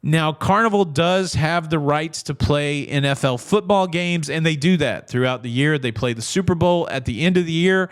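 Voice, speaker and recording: A middle-aged man hosts a casual news commentary, rambling along and breaking into jokey asides. His voice sits a little high for a man. He restarts his sentences often in an easy, chatty way. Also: normal speed, hardly any pauses, clear, resonant tone. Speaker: cruise news host.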